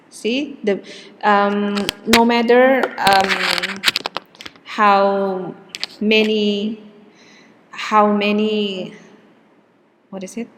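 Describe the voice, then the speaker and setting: A woman teaching an English lesson, speaking example sentences slowly and deliberately, with hesitant fillers between points. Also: mid-range voice, fairly even intonation. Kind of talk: recorded classroom lesson. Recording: faint room reverb and background hiss.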